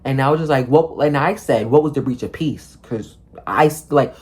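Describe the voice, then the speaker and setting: A man's voice: mid-range voice, normal speed. Rambling young man telling a storytime. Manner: rambling, heavy use of "like", profane slang; animated storytelling, acting out officers and himself. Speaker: vlogger. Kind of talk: storytime monologue.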